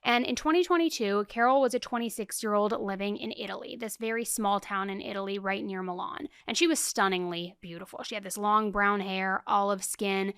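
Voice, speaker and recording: A young woman talks through a true crime case like she is chatting with a friend, emphatic and openly indignant. Her voice is smooth and clean. The sound is dry and close to the mic. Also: medium pitch, fairly quick, few pauses, fairly bright tone, no echo. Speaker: true crime podcast host. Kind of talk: casual true crime commentary.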